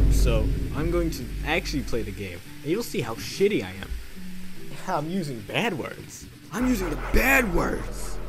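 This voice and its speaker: Goofy man yelping over game music. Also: mid-range voice. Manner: goofy, self-mocking, bursts into yelps and shouts. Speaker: gamer. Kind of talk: gameplay commentary.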